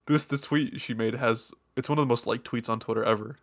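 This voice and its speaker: A male podcast host talks in a relaxed, chatty way at a mid pitch. He laughs between lines and keeps checking in with the listeners. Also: a little fast. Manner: chatty, laughs often, seeks agreement from listeners. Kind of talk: casual podcast chat.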